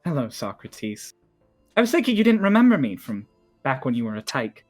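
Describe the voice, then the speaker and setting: A man voicing a composed, dignified woman diplomat who speaks in a calm, measured, formal way. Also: mid-range voice, faint music behind. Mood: teasing.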